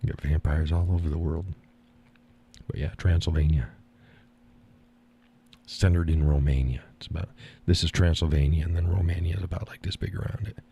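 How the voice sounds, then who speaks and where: A man's voice: very deep voice, fairly even intonation, a little fast, gravelly, pauses often, dark tone, husky. A man hosting a live stream, chatting in a rambling, blunt way and laughing often as he talks. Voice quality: swears casually. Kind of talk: casual monologue chat. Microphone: audio call setup.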